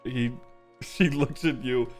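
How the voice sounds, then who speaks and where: A man running a tabletop game as dungeon master, narrating haltingly with many fillers. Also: mid-range voice, faint music behind. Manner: halting, filler-heavy narration, often laughing.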